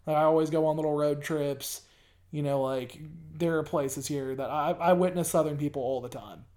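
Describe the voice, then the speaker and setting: A man's voice: a little high, moderate pace, a little mellow. A man from the US South hosting a casual podcast, talking in a rambling, hesitant way with many ums. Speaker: podcast host. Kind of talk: casual chat.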